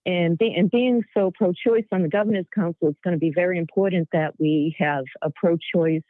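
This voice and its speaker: A woman's voice: fairly low pitch, brisk, no room sound. Woman, Boston accent, radio caller, earnest, tinny dry phone line. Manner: earnest, explanatory. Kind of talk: phone call-in.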